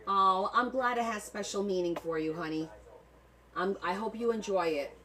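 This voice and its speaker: A woman runs a casual live online auction of her handmade journals, chatting warmly with viewers, thanking them by name and often repeating words. Her mid-range voice is bright and forceful at normal speed, though the recording is low quality.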